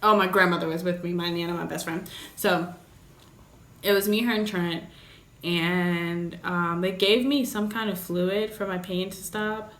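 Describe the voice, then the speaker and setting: Low-voiced young woman, blunt and profane. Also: fairly even intonation, measured pace, a bit bright. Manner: blunt, profane, and joking about a serious story. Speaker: vlogger. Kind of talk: candid storytime. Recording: roomy echoey room.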